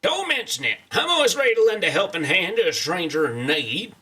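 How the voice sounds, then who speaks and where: A man's voice: high voice, very animated, fairly quick, sharp tone, slightly rough, recorded from a distance, exaggerated voice. A man voicing a folksy, friendly male robot cowboy in a video game, with a drawling, homespun way of talking. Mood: folksy, cheerful.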